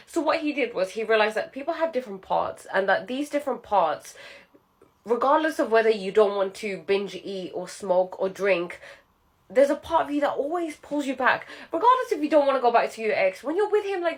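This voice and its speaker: A woman giving a casual, earnest self-help talk who acts out inner voices in an animated way. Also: high-pitched, brisk.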